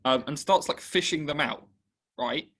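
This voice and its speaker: A young man co-hosting a casual podcast, telling an animated story and acting out both sides of a conversation. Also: fairly high pitch, moderate pace. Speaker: podcast co-host. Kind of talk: casual chat.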